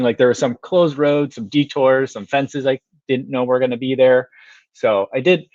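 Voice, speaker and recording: Easygoing man hosting a livestream, chatting casually through viewer comments, laughing often and trailing off before he restarts his sentences. His voice sits at an ordinary middle pitch. It is recorded close and dry, with a slightly dull, muffled sound. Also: darkish tone, dry recording. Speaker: livestream host.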